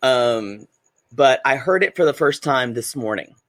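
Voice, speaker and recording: A man's voice: mid-range voice, lively intonation, measured pace, fairly bright tone, slight background noise. A man co-hosting a podcast from home, giggly and rambling with plenty of fillers. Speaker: podcast co-host. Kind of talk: casual chat.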